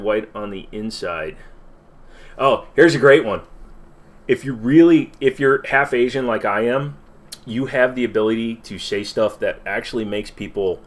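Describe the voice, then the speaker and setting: A man hosting a casual livestream Q&A from his desk, rambling with lots of fillers and self-deprecating asides. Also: mid-range voice. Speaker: channel host.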